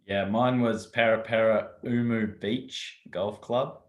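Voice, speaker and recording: Low-ish voice, talks real slow, a golf podcast guy second-guessing himself, echoey room. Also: fairly even intonation. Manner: hesitant, checks himself mid-answer. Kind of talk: casual podcast chat.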